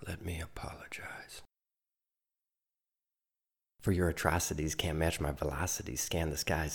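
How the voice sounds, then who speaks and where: A man's voice: very deep voice, breathy edge. A man performing rhymed spoken-word rap in dense, confrontational, profane verses.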